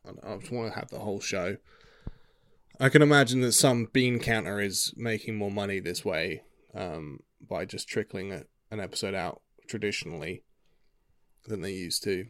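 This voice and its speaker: A young man with a fairly low voice talks in a relaxed, meandering way. His casual chat wanders from point to point, and he swears freely. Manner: rambling, laid-back, swears freely. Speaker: vlogger.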